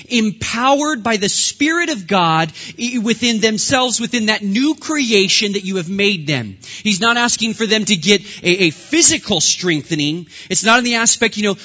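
A man in his thirties, a pastor, preaching a sermon with lively, humorous storytelling. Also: high voice, moderate pace, hardly any pauses, muffled recording.

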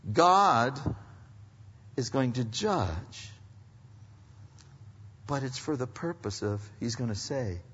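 A middle-aged man preaching a conversational sermon as pastor, swinging between loud emphasis and hushed asides. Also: medium pitch. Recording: dull sound with long hall reverb.

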